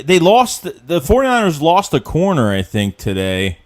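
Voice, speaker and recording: A man's voice: on the high side, normal speed. A man hosting a casual sports podcast, reading viewer comments from the live chat. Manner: lively, reads viewer comments aloud.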